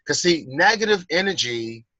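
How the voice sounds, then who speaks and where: Bright-voiced man coaching earnestly. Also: a little high, very animated, moderate pace, no room sound, poor audio. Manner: earnest, coaching, repeats and rephrases. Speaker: guest speaker in a class. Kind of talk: motivational talk.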